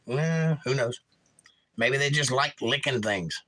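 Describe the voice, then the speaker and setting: A man's voice: mid-range voice, slow, sharp tone, rough recording. A man hosting a casual livestream, reading viewer comments aloud and joking about them in a playful way. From Florida. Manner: jokey, reads chat aloud with goofy voices. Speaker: livestream host.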